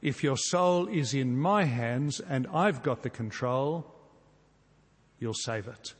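A man preaches with earnest emphasis, circling back to key phrases. His voice sits at an ordinary middle pitch. A long reverb trails every line, as if he is speaking in a large church hall. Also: lively intonation, slow pace, slightly rough. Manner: earnest, emphatic, with rhetorical repetition and sudden soft drops. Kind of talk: sermon.

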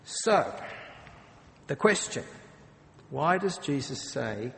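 A man preaches slowly and deliberately, his somewhat high voice carrying a long reverb through a large hall. A faint rumble of noise sits underneath his earnest sermon. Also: very animated, creaky, fairly bright tone. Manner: slow, earnest preaching with dramatic acted quotes.

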